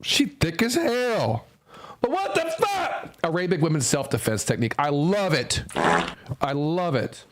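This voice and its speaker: A young man streaming, giving casual reaction commentary, animated, repeating lines, swearing and laughing often. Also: a little high, unhurried.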